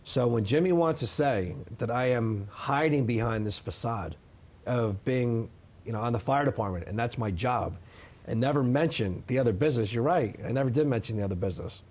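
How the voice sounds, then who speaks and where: Brief: thirties male interviewee, insistent and defensive, ordinary middle pitch. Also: fairly quick, a little mellow. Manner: emphatic, defensive, repeats "okay?". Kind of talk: sit-down interview.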